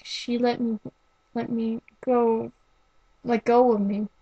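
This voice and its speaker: Girl doing a soft sad robot ball guy, hushed, halting, slow. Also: a little high, little pitch movement, husky, muffled recording, heavily acted. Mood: sad, confessing. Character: gentle male robot sphere, remorseful and soft-spoken.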